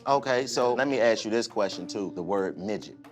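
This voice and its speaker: A man's voice: on the low side, expressive, a little fast, faint music behind. A man chatting casually in an easygoing, affectionate way. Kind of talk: casual chat.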